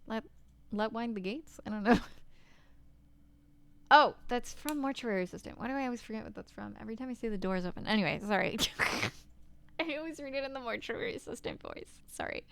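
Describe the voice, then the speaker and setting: A young woman streaming a game, talking casually and hesitantly, breaking off and dropping into soft whispers. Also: fairly high pitch, expressive, fairly quick, gravelly, smooth. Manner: hesitant, self-interrupting, with soft whispered asides. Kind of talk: casual gameplay commentary.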